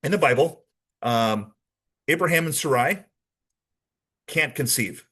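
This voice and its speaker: A man's voice: mid-range voice, expressive, unhurried, fairly bright tone, breathy edge. A man giving a training lecture with slides as a behavioral analysis trainer, conversational and demonstrative, often checking in with his audience.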